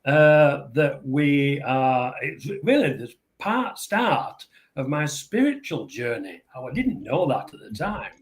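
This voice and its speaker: Yorkshire guy in his 70s, podcast guest, lots of uhs, middle pitch. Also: sing-song, slow. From England. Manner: hesitant, many filler uhs. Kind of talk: podcast interview.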